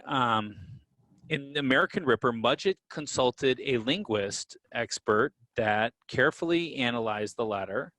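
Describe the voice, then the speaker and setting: A man co-hosts a podcast in a loose, conversational way, laying out history with easy asides. His voice sits at a middling pitch. The sound is close and dry, with no room echo. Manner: relaxed, with fillers and restarts, explaining history. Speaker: podcast co-host. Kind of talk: casual conversational storytelling.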